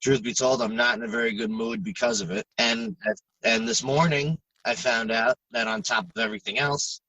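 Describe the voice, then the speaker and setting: Guy cohosting a podcast, crisp bright gravelly voice, stressed, talks straight, lots of restarts. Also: medium pitch, sing-song, no echo, recorded from a distance, poor audio. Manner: frank and candid, swears freely, halting restarts. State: stressed and upset. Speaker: podcast co-host. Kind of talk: casual chat.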